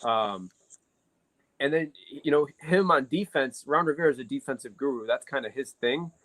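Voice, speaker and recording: A man's voice: medium pitch, lively intonation, normal speed, a bit bright, poor audio. A man co-hosting a casual sports podcast, analyzing football matchups at length with frequent fillers. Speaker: podcast co-host.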